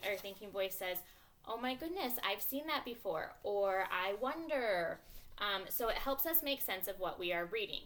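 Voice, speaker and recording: Bright, upbeat woman teacher walking young kids through a reading lesson. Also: medium pitch, slight background noise. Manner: upbeat teacherly, talks to herself while writing.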